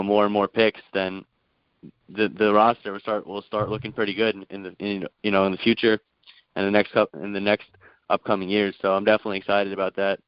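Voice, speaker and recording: A man's voice: on the low side, clear, resonant tone, dry recording, lo-fi sound. A man calling in to a sports talk show, speaking hesitantly with lots of fillers and restarts. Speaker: caller. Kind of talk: casual sports call-in chat.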